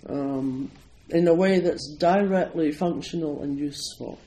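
A man's voice: on the high side, unhurried, mellow, rough recording. A Scottish man, a Zen priest and meditation teacher, giving an informal talk to an audience in a chatty, self-deprecating way, with plenty of ums and you-knows. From Scotland.

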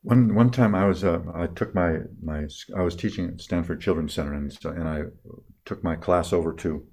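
An older man telling personal stories in a reflective talk, halting with many restarts and trailing off softly at tender moments. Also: deep voice, husky. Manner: soft-spoken, dropping quieter on tender moments.

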